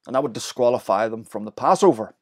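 A man preaching a sermon, explaining the scripture passage in a lively way and voicing the quoted lines. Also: mid-range voice, quick pace, creaky.

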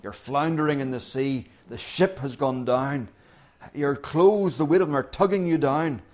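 A man's voice: moderate pace, darkish tone. A man preaching a sermon, who acts out the crowd's and Peter's words with dramatic rises and falls. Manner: dramatic, acts out quoted voices with big swings in pitch.

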